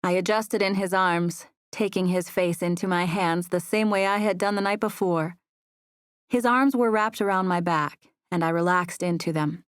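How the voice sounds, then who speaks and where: A woman reads a first-person audiobook in an even, gentle way. Her voice is on the low side, and the booth sound is dry and close. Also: moderate pace, clear, resonant tone, dry recording. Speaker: audiobook narrator. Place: recording booth.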